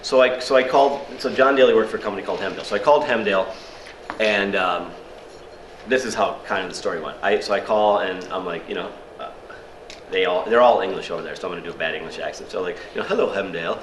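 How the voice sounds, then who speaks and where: A man's voice: low-pitched, fast, slight background noise. Chatty man telling stories in an echoey room. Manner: lively anecdotes, chuckling, many fillers. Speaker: speaker at a screenwriting workshop. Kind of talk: storytelling talk to an audience. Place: workshop room at a film festival. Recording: echoey room with faint ambience.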